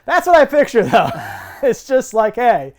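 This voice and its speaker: A man co-hosting a casual movie review podcast, joking with quick asides and frequent laughs. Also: very high voice, huge pitch swings. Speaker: podcast co-host.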